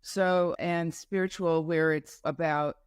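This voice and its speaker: A woman's voice: deep voice, steady tone, slow pace, clean tone, dry recording. Woman telling meandering stories, dry sound. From New York. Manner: meandering, with frequent asides and self-corrections. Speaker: guest entrepreneur. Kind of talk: casual interview storytelling.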